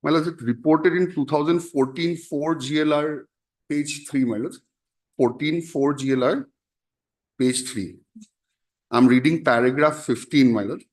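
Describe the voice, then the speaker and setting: A man arguing a case as an advocate in a courtroom, formal and halting, constantly addressing the bench. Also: a little high. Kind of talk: courtroom argument.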